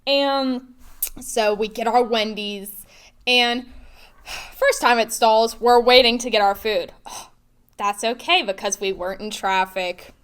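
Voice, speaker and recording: A teenage girl co-hosting a school podcast, telling a story in a casual, animated way with many fillers and giggles. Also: fairly high pitch, a little slow, pauses often, smooth. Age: teens. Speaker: podcast co-host.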